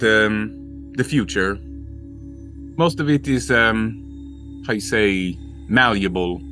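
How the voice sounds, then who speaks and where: A man voicing a mysterious male seer who talks hesitantly, pausing often mid-sentence. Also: mid-range voice, fairly bright tone, pitched above the performer's own voice. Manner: hesitant, full of pauses and "um".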